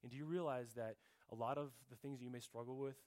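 A middle-aged man giving a heartfelt testimony in church, earnest and often dropping to a soft, quiet tone, sometimes repeating words as he searches for a phrase. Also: medium pitch, fairly even intonation, fast talker. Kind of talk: sermon testimony.

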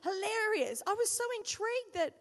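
A woman's voice: very high-pitched, moderate pace. Woman preaching, long hall echo. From Australia. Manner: animated storytelling, self-mocking humor. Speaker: pastor. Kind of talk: sermon.

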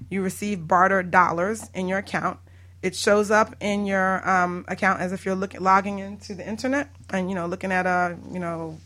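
A woman talks casually as a broker on a podcast. Her voice is bright and lively, and she laughs often as she tells stories. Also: lowish voice. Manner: animated, laughs often, acts out callers. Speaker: barter exchange broker.

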